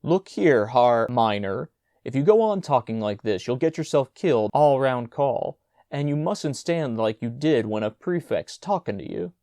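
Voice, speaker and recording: An exasperated older schoolboy in a storybook reading, voiced by a male narrator, scolding loudly with a lively, swinging voice. It is recorded close and dry. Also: a little high, moderate pace, no room sound. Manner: scolding, urgent.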